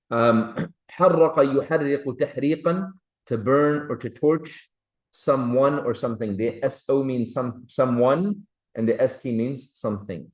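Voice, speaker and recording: A man's voice: medium pitch, reverberant, poor audio. A man teaching a classroom grammar lesson, who keeps checking that his students follow. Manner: patient, checks understanding with "right?" and "clear?". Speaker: Arabic teacher.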